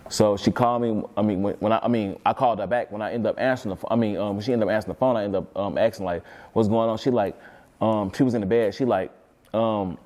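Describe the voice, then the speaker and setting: A man's voice: lowish voice, quick pace, a little mellow. A man talking as an interview guest, telling a long story in a rambling, repetitive way and swearing freely.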